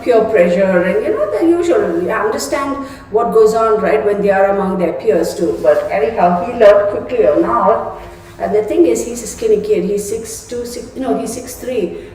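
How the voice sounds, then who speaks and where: A woman's voice: medium pitch, a little mellow. A middle-aged woman hosting a tarot live stream, chatting casually and ranting through a story with frequent laughs. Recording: echoey room, voice from far off the mic.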